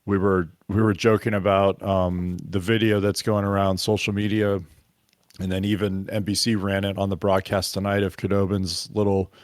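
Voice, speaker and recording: A man's voice: deep voice, flat delivery, moderate pace, dry recording, studio quality. A man co-hosting a podcast, chatting about hockey in a rambling, easygoing way and laughing easily. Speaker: podcast co-host. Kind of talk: casual sports chat.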